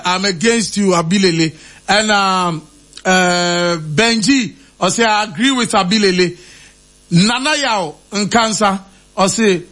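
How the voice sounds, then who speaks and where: High-pitched guy on radio reading out comments, laughing, casual. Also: fairly bright tone. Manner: reads out names and quotes, laughing often.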